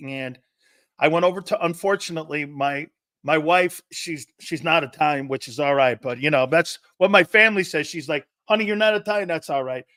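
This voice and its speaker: A man's voice: fairly high pitch, a bit bright, no echo, studio quality. A man hosting a sports talk show, giving blunt, emphatic opinions and often tossing in "man.".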